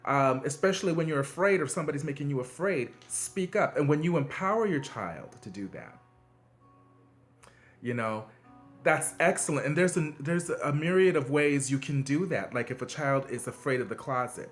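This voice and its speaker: A man's voice: expressive, normal speed, soft background music. A man hosting a video, giving parenting advice in a casual, earnest monologue with frequent fillers and emphatic turns. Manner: conversational, frequent fillers and restarts; earnest and encouraging, emphatic swings in pitch.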